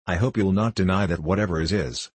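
A man's voice: sits low, fast, slightly rough, no echo. A man voicing a boastful, mocking young squire who swears oaths and scoffs in an old-fashioned storybook.

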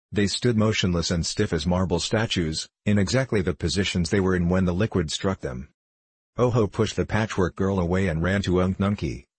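A man narrates a storybook in a measured, expressive way. His voice is low and husky, and the recording is close and dry. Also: dry recording. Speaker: audiobook narrator.

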